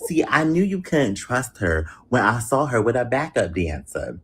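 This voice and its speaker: A woman's voice: rumbling low, very animated, moderate pace, slightly rough. A woman in a played clip, giving mocking gossip commentary and laughing through her lines.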